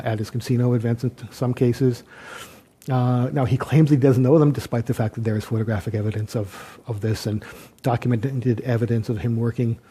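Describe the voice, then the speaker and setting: Hesitant man with a very dark voice. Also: medium pitch. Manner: hesitant, many ums and restarts, sardonic asides. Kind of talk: political commentary monologue.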